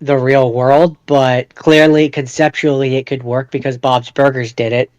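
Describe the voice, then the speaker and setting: A man's voice: medium pitch, flat delivery, moderate pace, darkish tone, no echo, dull audio. A man co-hosting a podcast in casual chat, hedging his points with "I mean" and "I don't know". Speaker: podcast co-host.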